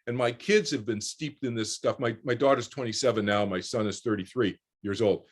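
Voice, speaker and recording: A man in his sixties tells a personal story with animated energy, his voice at an ordinary middle pitch. He stumbles and repeats words as he goes and slips into the voices of the people he quotes. The sound is that of a video call. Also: brisk, husky. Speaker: interview guest, author.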